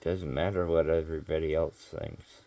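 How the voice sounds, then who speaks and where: A man's voice: rumbling low, fairly even intonation, normal speed, dark tone. A man telling a rambling story to camera in a casual vlog, full of fillers and swearing. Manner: rambling, filler-heavy, profane.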